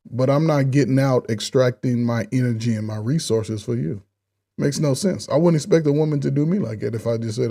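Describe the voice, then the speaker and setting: A man's voice: medium pitch, fairly quick, warm tone. Blunt man reacting with slang. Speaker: reaction commentator. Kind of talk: casual reaction commentary.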